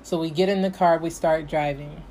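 A young woman telling a casual storytime vlog, animated, acting out what her past self said. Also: deep voice, moderate pace, slight background noise. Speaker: vlogger.

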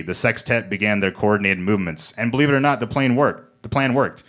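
A man reading comic fiction aloud in a mock-serious deadpan on a comedy club stage. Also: lowish voice, brisk. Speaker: comedy reader.

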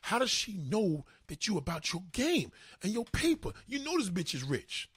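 A brash man rants to his viewers, swearing freely and playing out both sides of imagined conversations. His voice is husky and a little high for a man, and it swings widely in pitch. The recording is dry and close. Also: big pitch swings, normal speed, fairly bright tone, no room sound. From New York. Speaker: commentator. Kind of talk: casual rant to viewers.

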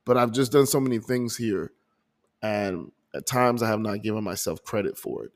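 A man's voice: fairly low pitch, normal speed. A man hosting his own podcast, talking earnestly and emotionally about his month, often restarting his sentences. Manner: earnest, emotional, many restarts and repeated words. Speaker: podcast host. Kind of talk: reflective personal audio journal. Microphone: desk microphone.

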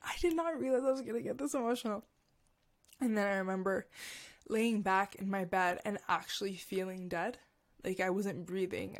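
A young woman hosting a podcast, telling a deeply personal story in a halting, emotional way with many fillers and restarts. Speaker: podcast host.

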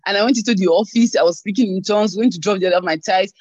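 Lady giving her church testimony on a call, animated storyteller, dry dull lo-fi sound. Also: mid-range voice, very fast, no room sound. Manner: animated storytelling, acting out quoted voices. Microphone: online call mic. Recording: dull lo-fi online call audio.

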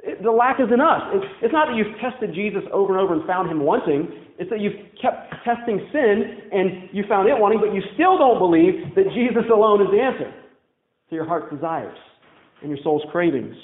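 A man with a high voice delivers a conversational sermon and puts questions to his congregation. The sound is thin and phone-like, and it echoes around the church. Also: animated, a little fast. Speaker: pastor.

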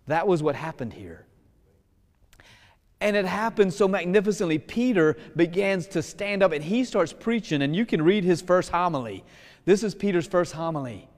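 A male Catholic priest giving a sermon in a lively, casual way, slowing down to stress key points. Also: high voice. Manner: lively, casual preaching that slows for emphasis. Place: church. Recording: long church reverb.

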